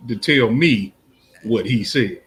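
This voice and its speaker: A man's voice: mid-range voice, slow pace, a bit bright, rough recording. A man co-hosting a podcast in casual chat, skeptical and questioning. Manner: skeptical, questioning, laid-back. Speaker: podcast co-host.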